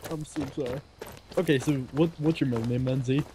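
A man's voice: medium pitch, fairly even intonation, normal speed, heavy background noise. A young man chatting with a friend over a game, jokey and giggly, often apologizing for his teasing. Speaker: friend playing along on voice chat. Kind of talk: casual gaming chat.

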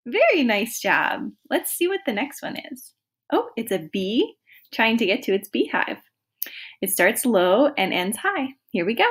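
Slow, lively-voiced woman music teacher. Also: on the high side, slightly rough. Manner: slow, encouraging, sings vocal slides on ooh. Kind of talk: remote lesson for young children.

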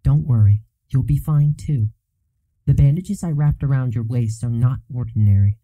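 Caring woman school nurse, gently scolding, warm and soft-toned, a man reads her lines, for an audiobook. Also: mid-range voice, normal speed, lightly acted, poor audio. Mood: reassuring. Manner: gently chiding, then reassuring.

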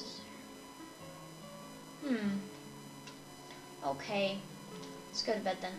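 This gamer speaks slowly in a mid-range voice with fairly even intonation, pausing often. She gives casual let's-play commentary, mumbling hesitantly as she reads and trailing off with "I guess," in an echoey room with game music.

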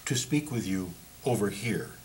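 A man reading as a polite, halting emigrant. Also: lowish voice, expressive, natural voice, low-quality recording. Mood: hesitant, deferential. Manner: hesitant, overly polite, groping for words. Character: German Polish emigrant, deferential, halting.

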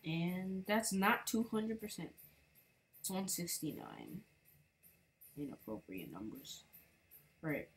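A woman's voice: mid-range voice, lively intonation, slow pace. A woman giving casual, rambling commentary while playing a game, humming and mumbling to herself and repeating words. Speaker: gaming channel host.

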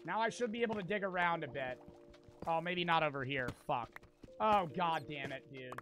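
A man's voice: fairly high pitch, lively intonation, normal speed, over music. Cursing young American man streaming a game. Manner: profane, easily frustrated, talks to chat. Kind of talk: casual livestream gameplay chat.

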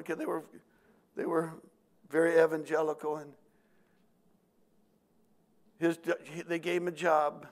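An older man preaching a sermon as pastor, telling folksy family stories and acting out the voices and shouts in them. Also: on the high side.

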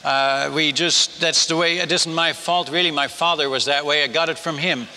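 A man's voice: fairly high pitch, fairly even intonation, normal speed, pushed and bright. Older Dutch man preaching in a hall. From Netherlands. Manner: folksy, humorous, with many restarts. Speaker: missionary speaker. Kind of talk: storytelling sermon. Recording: long hall reverb with faint noise.

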